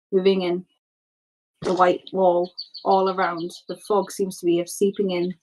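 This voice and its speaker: A woman's voice: fairly low pitch, low-quality recording. A woman game master narrating a tabletop role-play scene in a loose, descriptive way with many fillers.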